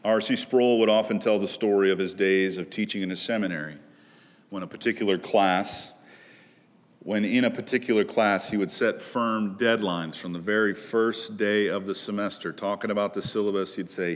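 A pastor with a somewhat low, steady voice preaches a sermon at normal speed and with earnest conviction. He climbs to loud pleas and sinks to hushed, heavy lines, his voice ringing with the long reverb of a large hall.

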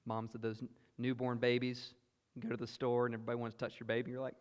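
A man with a Southern US accent preaching a sermon, earnest and emphatic, moving between loud exclamations and hushed asides. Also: medium pitch, completely flat delivery, fast. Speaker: pastor. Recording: long hall reverb.

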